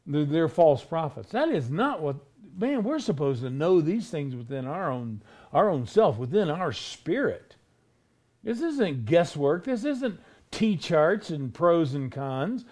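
A man delivering a sermon in a fairly high voice. He is emphatic and pounds his points home with rhetorical questions, stretching out the words he wants to stress. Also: sing-song, measured pace, darkish tone. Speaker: preacher.

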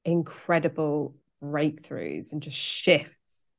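A woman's voice: sits low, sing-song, slow, creaky. A woman who works as a coach, co-hosting a casual chat and talking in an earnest, reflective way. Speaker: coach and podcast co-host.

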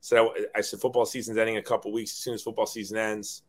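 A middle-aged man with a fairly low voice recounts his own past as an interview guest. He talks earnestly and rambles a little, doubling words when the story moves him. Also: flat delivery, a little fast, a bit bright.

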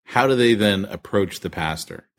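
A man's voice: on the low side, moderate pace. A man co-hosting a podcast, asking questions with a dry, teasing humor. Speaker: podcast co-host. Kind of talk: casual podcast chat.

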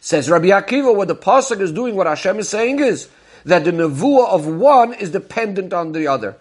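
High-voiced man teaching a Talmudic lesson. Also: animated, brisk, a little mellow. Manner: methodical, asks then answers questions; retells stories step by step. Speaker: Torah teacher. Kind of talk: explaining a Talmudic discourse.

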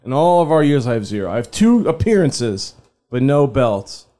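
Dark-voiced man, loose and profane. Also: medium pitch, sing-song, normal speed. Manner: loose, profane, laughs often. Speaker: podcast co-host. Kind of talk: casual sports podcast chat.

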